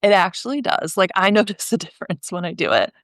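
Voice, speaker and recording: A woman's voice: medium pitch, expressive, fast, dry recording, studio quality. A woman guest on a podcast interview, talking casually and filling her speech with "like" and "um.". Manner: chatty, many "like" and "um" fillers, laughs easily. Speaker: podcast guest, show jumping photographer.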